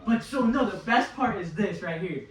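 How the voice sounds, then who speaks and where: A young man tells a baseball story in a loose, profane, animated way, jumping up in pitch whenever he mimics someone. His voice sounds roomy and echoey, picked up by a mic set some way off. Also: normal speed, a crowd in the background. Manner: animated, swears a lot, mimics voices loudly. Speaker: podcast guest, baseball player. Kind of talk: casual storytelling chat. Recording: echoey room, mic at a distance.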